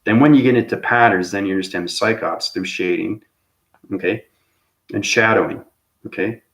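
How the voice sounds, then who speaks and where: Low-voiced man rambling spiritually, tagging "okay?". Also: normal speed, a bit bright. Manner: repeats "okay?" as a tag after phrases; loose, searching phrasing with restarts. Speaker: channel host.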